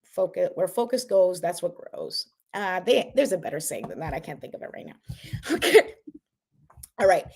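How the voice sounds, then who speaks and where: A woman's voice: fairly low pitch, darkish tone. Middle-aged woman, life coach, casual livestream talk, chatty with lots of asides. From Canada. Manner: chatty, many asides, says "right?" and "like" often.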